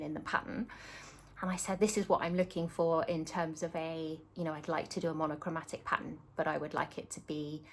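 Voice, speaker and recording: Chatty British woman, low voice. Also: a bit bright. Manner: chatty and rambling, laughs at herself. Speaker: cross-stitch vlogger. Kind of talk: casual chat.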